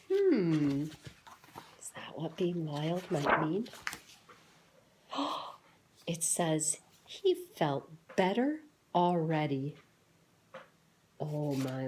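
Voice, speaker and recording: Low-voiced teacher lady reading a picture book to kids, slow and gentle, stops to ask questions. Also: a little hiss or hum. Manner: gentle, pauses to ask children questions and wonder aloud.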